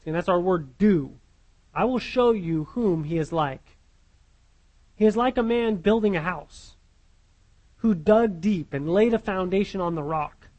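A man's voice: high-pitched, animated, unhurried, long pauses, darkish tone, poor audio. A man preaching a sermon, earnest, repeating his words and putting questions to his listeners.

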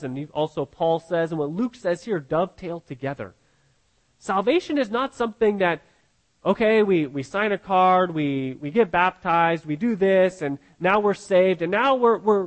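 A man's voice: sits high, rough recording. A man preaching a sermon to his congregation, earnest, often repeating words as he restarts a thought. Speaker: pastor.

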